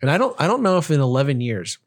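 A man in his thirties co-hosting a podcast, teasing his partner in casual banter and acting out her requests with animated storytelling. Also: fairly high pitch, very fast, no echo, studio quality. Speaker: podcast co-host.

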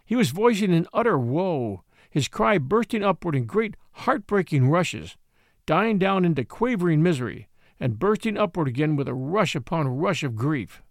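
A man narrating a classic adventure novel in an expressive storytelling style. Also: fairly high pitch, moderate pace, no echo, clean studio sound. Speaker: audiobook narrator.

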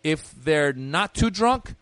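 A man telling a comedy story in casual chat, animated, swearing and acting out quotes loudly. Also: fairly high pitch, slow pace, dry recording. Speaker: comedian podcast host.

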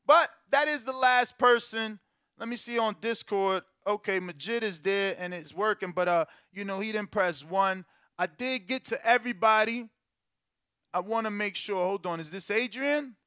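A man in his forties with a high, bright, smooth voice, recorded dry and close. He hosts a casual call with fighters, brash and profane, and lectures them. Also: moderate pace, no echo. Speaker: event promoter hosting a call.

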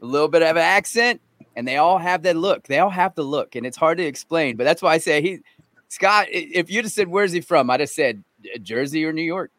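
A man's voice: on the high side, expressive, brisk, fairly bright tone, no echo. A man from California co-hosting a podcast, easygoing and agreeable in casual chat. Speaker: podcast co-host.

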